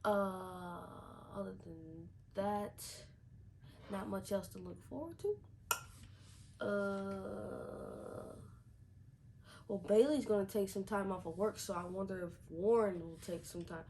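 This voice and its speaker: A woman's voice: medium pitch, slow pace, noisy background. A woman reviewing a TV episode in a casual vlog, chatty, repeating herself with lots of fillers. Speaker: TV show reviewer.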